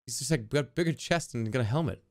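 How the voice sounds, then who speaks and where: A man streaming a video game in casual, jokey commentary, reading the on-screen text aloud and reacting with excitement. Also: medium pitch, quick pace.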